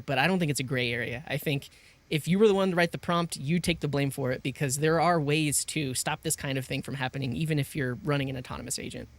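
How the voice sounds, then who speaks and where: A man's voice: a little high, no room sound. Earnest man on a tech podcast. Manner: earnest, opinionated explaining. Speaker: podcast co-host. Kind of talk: casual tech podcast chat.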